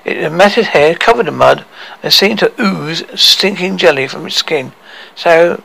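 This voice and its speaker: A man reading a story aloud in a halting way, often stopping to correct himself. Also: a little high, animated, creaky, sharp tone, breathy edge, rough recording. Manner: halting, with frequent self-corrections. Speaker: narrator.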